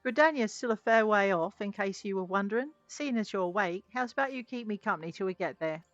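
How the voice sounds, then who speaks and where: A woman voicing a friendly older male cart driver in a game, trying a rough Scottish-flavoured burr as she reads his lines. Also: mid-range voice, expressive, quick pace, no echo, dull audio, lightly acted. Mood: folksy. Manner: folksy, reassuring, a rough attempt at a Scottish burr.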